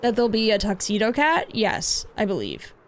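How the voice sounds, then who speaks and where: A woman streaming a video game in casual chat, cooing over cute cats and lapsing into soft baby talk to her pet. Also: medium pitch, very animated, moderate pace, a little hiss or hum. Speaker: livestreamer. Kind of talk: casual gameplay livestream chat.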